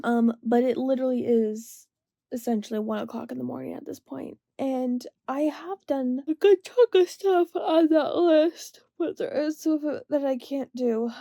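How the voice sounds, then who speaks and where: A woman's voice: on the high side, vocal fry, warm tone, no echo. A young woman vlogger ranting late at night, exasperated, rambling and swearing constantly.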